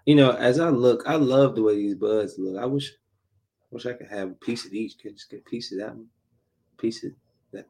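A man's voice: medium pitch, moderate pace, vocal fry, mellow. A man in a casual vlog, bluntly reviewing a show, rambling and repeating himself for emphasis. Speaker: vlogger reviewing shows. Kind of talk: casual chat.

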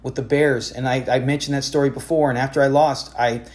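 A man in his forties hosting a casual fantasy football talk show, telling stories in an animated way with lots of self-corrections. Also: medium pitch, brisk. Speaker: podcast host.

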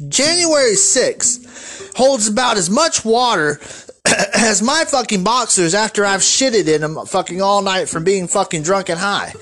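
Angry, swearing man ranting. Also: sits high. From United States. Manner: angry, swearing constantly, shouting at listeners. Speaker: podcast host. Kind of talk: profane political rant.

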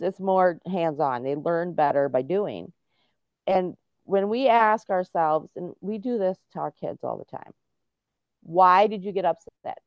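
A woman's voice: on the low side, dry recording. A middle-aged woman, a guest on an interview podcast, explaining things earnestly with frequent restarts. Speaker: guest, autism and veterans advocate. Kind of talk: casual interview talk. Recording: dull lo-fi dry sound.

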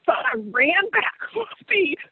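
A woman in her forties telling stories with animated, colloquial energy, laughing often, on a call. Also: sits high, slow, no room sound. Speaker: co-host. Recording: muffled phone line.

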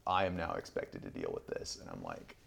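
A man in his thirties with a very low, gravelly voice, the kind that crackles into fry at the bottom of his phrases. He tells long, rambling stories as a guest in a relaxed interview, and he often stops on an um or backs up to restart a sentence. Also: a little fast. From Southern Illinois. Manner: rambling storyteller with frequent ums and restarts. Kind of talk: conversational podcast interview.

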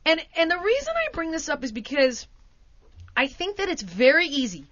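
American woman host, high and bright, very expressive storyteller; dry, slightly muffled recording. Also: normal speed, no echo. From United States. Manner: animated, acts out quotes with big pitch swings. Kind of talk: casual storytelling chat.

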